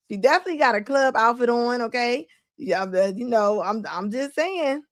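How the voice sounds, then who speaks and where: High-voiced woman laughing through emphatic commentary. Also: moderate pace, dry recording. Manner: laughing often, emphatic and scolding. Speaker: host. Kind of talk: live commentary on a video clip.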